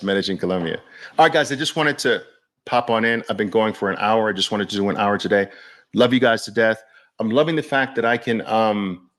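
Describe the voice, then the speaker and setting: A man's voice: fairly low pitch, fairly bright tone. A middle-aged man with a New York accent hosting a casual livestream, emphatic and motivational, repeating his key phrases. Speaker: livestream host.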